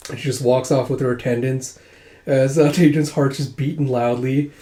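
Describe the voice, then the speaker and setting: A man's voice: mid-range voice, fairly even intonation, moderate pace, dark tone. Casual young man with a sore throat. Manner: casual, filler-heavy retelling. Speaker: manga reader, video host. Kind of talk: casual manga readthrough. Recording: roomy echo.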